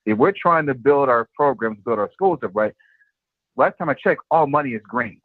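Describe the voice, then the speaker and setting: Male caller, polite, brisk question, tinny dry phone. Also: mid-range voice, lively intonation, no echo. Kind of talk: call-in question.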